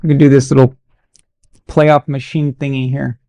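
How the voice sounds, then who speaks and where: A man hosting a casual sports live stream, animated and exasperated as he chats with viewers. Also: medium pitch, normal speed, no echo.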